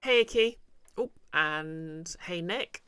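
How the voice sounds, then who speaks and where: A man's voice: a little high, expressive, takes it slowly, sharp tone, smooth, no room sound. A man streaming a game, chatting wryly and reading out messages from chat. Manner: chatty, wry, reads chat aloud. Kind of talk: casual game stream commentary.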